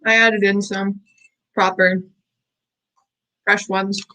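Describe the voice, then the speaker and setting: Woman, casual chat, upbeat, excitable, mid-pitched, home desk. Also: slow, poor audio. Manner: chatty and upbeat, with little squeals of excitement. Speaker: streamer hosting a work-along.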